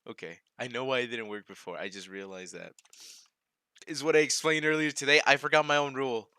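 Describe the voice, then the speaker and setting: A man's voice: medium pitch, fairly even intonation, fairly quick, sharp tone, clear, resonant tone, dry recording. A young man hosting a casual live coding stream, talking to himself as he works, scattered and self-mocking, laughing at his own mistakes.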